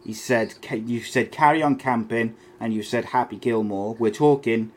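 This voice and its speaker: A man co-hosts a podcast, reading live chat comments aloud and answering with blunt, mocking opinions in casual banter, swearing freely. His voice is medium in pitch and his pace is normal.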